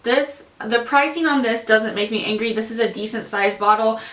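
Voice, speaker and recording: A woman's voice: a little high, moderate pace, fairly bright tone, echoey room, recorded from a distance. A woman beauty vlogger ranting casually through an unboxing review, exasperated and full of fillers.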